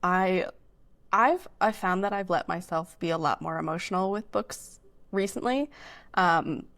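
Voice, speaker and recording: A woman from Canada co-hosting a podcast, telling stories in a chatty, animated way with many restarts. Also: lowish voice, measured pace. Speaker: podcast co-host. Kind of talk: casual chat.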